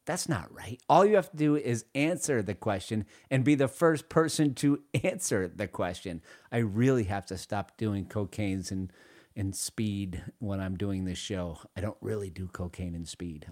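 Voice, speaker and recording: A male radio host with a slightly low voice reads sponsor spots and jokes around with listeners. He is playful and self-mocking and breaks into sudden loud bursts. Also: dry recording, clean studio sound. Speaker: food radio show host. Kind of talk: radio show host reading ads and joking.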